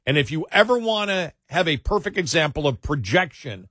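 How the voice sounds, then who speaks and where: A husky male talk show host in easygoing chat, wandering through stories and restarting his sentences, then pressing hard on his main points. The sound is dry and close, with no room around it. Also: on the high side, big pitch swings, fairly quick, a bit bright, dry recording. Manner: rambling, self-correcting, builds up emphatically.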